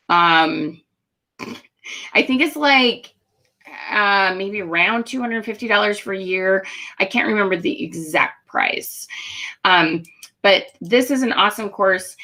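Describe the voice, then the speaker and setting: A woman hosts a live online webinar in a bright, crisp voice. She talks in an upbeat, chatty way, peppered with "um"s. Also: on the low side. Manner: upbeat, chatty, many fillers. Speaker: host.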